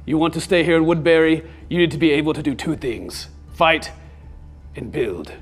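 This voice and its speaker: A man's voice: fairly high pitch, expressive, moderate pace, breathy edge, soft background music. A man voicing a stern male gatekeeper who speaks in curt commands. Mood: commanding.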